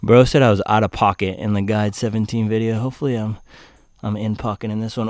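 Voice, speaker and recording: A man's voice: lowish voice, fairly quick, darkish tone, dry recording, clean studio sound. A man giving a casual running shoe review, laid-back and slangy, with joking asides.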